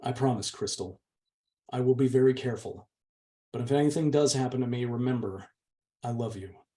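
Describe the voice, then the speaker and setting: A man's voice: medium pitch, normal speed, warm tone, recorded from a distance, close to an everyday voice. A man reading aloud, voicing a bold young woman who earnestly reassures her younger sister. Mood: tender. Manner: earnest, insistent. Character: bold, strong-willed young woman, the older sister and narrator. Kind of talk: audiobook reading.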